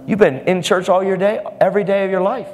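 A man's voice: high-pitched, steady tone, quick pace, a little mellow, long reverb tail. A man preaching a fervent, emphatic sermon, laughing now and then between points.

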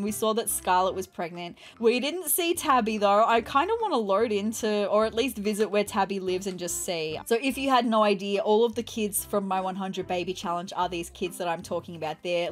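A woman with a high, bright-pitched voice narrates a life-sim let's play as the host. She chatters excitably and gasps and squeals at each surprise. Soft music plays faintly underneath. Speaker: gaming channel host.

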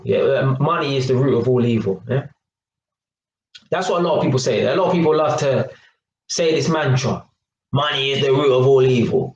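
A man giving a rambling, emphatic opinion monologue and tagging his points with quick questions. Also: mid-range voice, a little mellow, reverberant, muffled recording. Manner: rambling and emphatic, tags lines with "yeah?" and "innit". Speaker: YouTuber.

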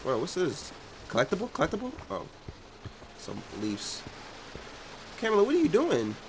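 A young man giving excited gameplay commentary, slangy and bursting into loud yells. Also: sits high, moderate pace, slight background noise. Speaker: gaming YouTuber.

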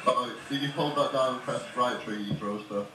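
A man chatting casually as a co-op gaming partner, giving quick, laid-back tips. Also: medium pitch. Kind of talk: casual voice chat while gaming. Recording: roomy, distant chat audio with noise.

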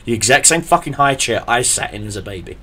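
A man hosting a podcast, telling a story in a profane, animated way. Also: medium pitch, fast. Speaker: podcast host. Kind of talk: casual podcast chat.

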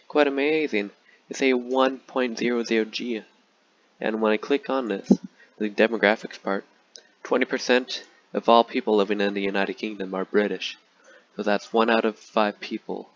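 A young man casually commenting on a strategy game he is playing, rambling and joking in a deadpan way with lots of fillers. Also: mid-range voice, dull audio, a little hiss or hum. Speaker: gaming YouTuber.

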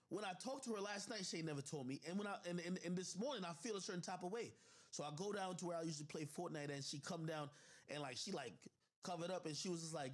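A man on a livestream telling a personal story in an animated, profane way, addressing his viewers with lots of asides. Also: high-pitched, fast, slightly rough. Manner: animated and profane, with constant "I'm like" asides to the audience. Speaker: livestream host.

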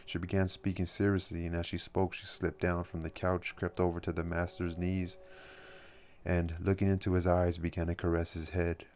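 A man reading a novel aloud as an audiobook, measured and steady with occasional restarts. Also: low-pitched. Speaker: audiobook reader.

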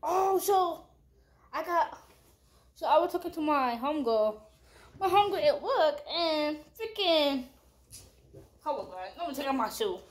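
Young woman, high voice, lively swooping pitch, rambling storytime chat, slang and cussing, headphone mic. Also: unhurried, pauses often. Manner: rambling, animated, swears freely, slangy. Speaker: vlogger. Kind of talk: casual storytime vlog.

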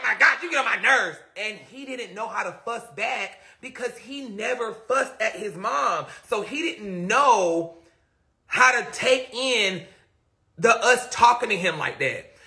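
A man with a very high, sharp and piercing voice tells a story to his live viewers. His pitch swings all over as he dramatizes, and he speaks into a phone. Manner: animated, dramatic retelling with outbursts. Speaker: live-stream host.

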